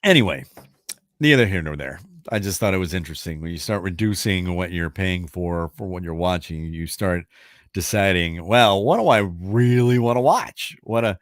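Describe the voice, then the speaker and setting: A man's voice: sits low, normal speed, a bit bright, dry recording, clean studio sound. A man hosting a radio show, chatting casually and rambling, then reading out a trivia question. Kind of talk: casual chat and trivia quiz.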